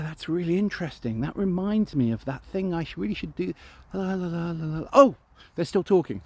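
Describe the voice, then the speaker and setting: A man's voice: medium pitch, darkish tone, dry recording. A man, a phobia specialist talking straight to camera and acting out anxious inner voices. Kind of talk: direct-to-camera talk.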